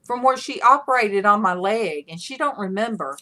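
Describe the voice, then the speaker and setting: A woman's voice: mid-range voice, animated, normal speed, bright, forceful tone. A woman hosting a casual online panel chat, telling rambling stories with frequent laughter over a video call.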